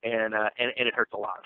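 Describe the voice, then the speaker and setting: A man's voice: fairly low pitch, no echo. A man being interviewed about his film, talking casually with lots of fillers and restarts. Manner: rambling, full of fillers and restarts. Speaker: actor and filmmaker guest. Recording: tinny dry phone line.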